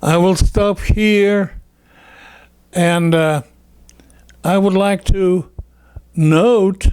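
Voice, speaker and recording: A man, a native Russian speaker, teaching in an unhurried, explanatory way with frequent fillers. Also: high-pitched, steady tone, a little mellow, clean tone. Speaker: English teacher. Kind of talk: explanatory lesson talk.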